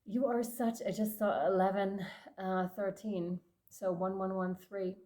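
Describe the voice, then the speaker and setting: A woman giving a tarot reading to her viewers, effusive and emotional, laughing often and addressing listeners warmly. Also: mid-range voice, little pitch movement, measured pace. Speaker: tarot reader.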